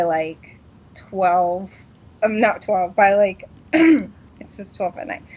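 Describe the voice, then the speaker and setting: A woman co-hosting a podcast, telling a story in casual chat, laughing often and acting out what people said. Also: fairly low pitch. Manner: animated, laughs often, acts out quotes. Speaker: podcast co-host. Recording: dull lo-fi sound.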